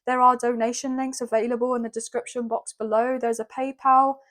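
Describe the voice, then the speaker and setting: High-pitched woman doing a tarot reading for her channel, gushy and emotional, lots of ums. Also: flat delivery, brisk, fairly bright tone. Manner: effusive and emotional, exclaiming often; rambling, with many fillers. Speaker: tarot reader. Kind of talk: spontaneous tarot reading to camera.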